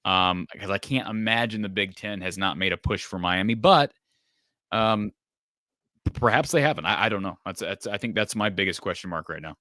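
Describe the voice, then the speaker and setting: A man's voice: on the low side, moderate pace, pushed and bright, dry recording, studio quality. A man hosting a live call-in sports show, chatting loosely and thinking aloud with plenty of fillers. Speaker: show host.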